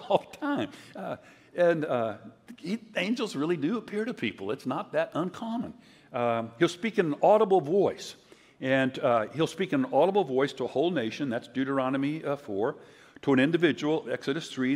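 An older man giving a conference sermon, telling stories in a conversational way and acting out quotes loudly. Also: on the high side, lively intonation, normal speed. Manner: conversational storytelling, loud acted quotes. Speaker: preacher. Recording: long hall reverb.

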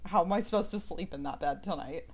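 A woman's voice: on the low side, fast talker, breathy edge. A young woman streaming a game, chatting casually and laughing often with her viewers. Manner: chatty, laughs often, jokey asides to chat. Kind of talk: casual gameplay commentary.

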